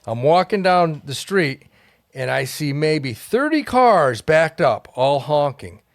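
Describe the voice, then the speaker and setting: A man's voice: a little high, big pitch swings, takes it slowly, gravelly, no echo, studio quality. A comedian telling a long story in casual podcast chat, rambling and laughing as he goes.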